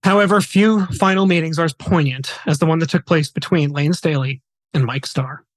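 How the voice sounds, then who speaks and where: A man's voice: fairly high pitch, moderate pace, no room sound. A man hosting a podcast, retelling a true story in a casual, earnest, conversational way. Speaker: podcast host.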